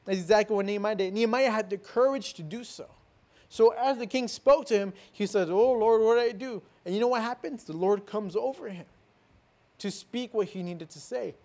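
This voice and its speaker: A man with a high-pitched voice delivers a sermon in church. He leans on repetition and rhetorical questions, punching some lines loudly and pulling others down to a soft, intimate hush. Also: fairly quick. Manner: swings between loud declarations and soft, hushed lines. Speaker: pastor.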